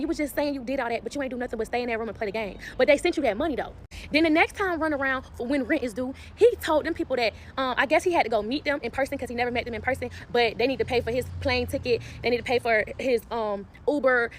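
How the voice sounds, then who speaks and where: Brief: young woman, fast gossipy storytime vlogger, slightly high voice, faint room hum. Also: fairly bright tone. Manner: gossipy, talks to viewers as y'all and child. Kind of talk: casual storytime chat to camera.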